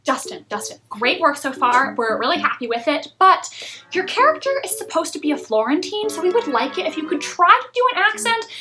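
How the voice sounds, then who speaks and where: A woman's voice: high-pitched, very animated, fairly quick, pushed and bright, faint music behind, heavily acted, poor audio. A woman putting on a nervous TV show staffer who pleads with and placates a star. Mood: placating.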